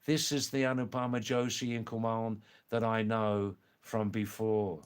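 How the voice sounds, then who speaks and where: Slow, thoughtful man answering live chat. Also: fairly low pitch, level tone, clear, resonant tone. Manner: slow, thoughtful and hesitant, with many pauses and fillers. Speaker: live stream host. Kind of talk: casual live stream chat, reading and answering viewer comments.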